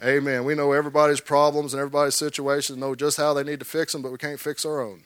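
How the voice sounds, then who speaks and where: Animated man preaching a sermon. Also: on the high side, fast, clear, resonant tone. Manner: animated, repeats words, calls for amens.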